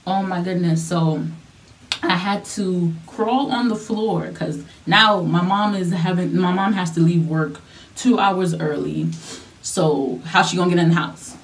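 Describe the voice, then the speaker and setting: A woman's voice: lowish voice, far from the mic. A young woman vlogger telling a personal story in a casual, chatty way, repeating herself and using lots of fillers.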